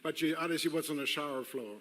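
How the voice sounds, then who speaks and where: A man's voice: a little high, quick pace, very noisy. A man in his seventies making dry, self-mocking remarks on a convention panel stage. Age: 70s. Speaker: panel guest. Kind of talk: live panel banter. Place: convention stage before a crowd.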